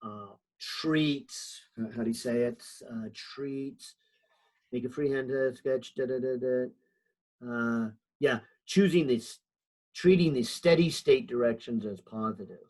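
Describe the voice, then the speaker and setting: A man's voice: medium pitch, a little slow, darkish tone, rough recording. A man teaching a physics help session over a video call, thinking aloud with lots of fillers and a few light jokes. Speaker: physics instructor. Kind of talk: online class help session.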